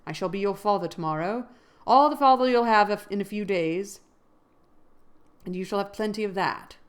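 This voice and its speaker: A woman reading aloud, voicing a harsh, brutal grown man who speaks loudly and threateningly. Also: medium pitch, normal speed, smooth, natural voice. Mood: menacing. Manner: loud, grim, threatening.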